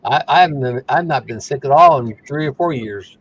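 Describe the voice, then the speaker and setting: A man's voice: medium pitch, expressive, a little fast, slightly rough, no echo, rough recording. A man joining a casual live-stream panel, folksy and joking.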